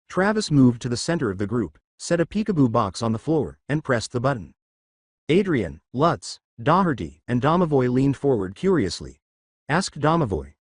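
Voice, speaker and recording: Man reading a story with lively pitch. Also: normal speed, no echo, studio quality. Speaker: narrator. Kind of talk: fan fiction reading.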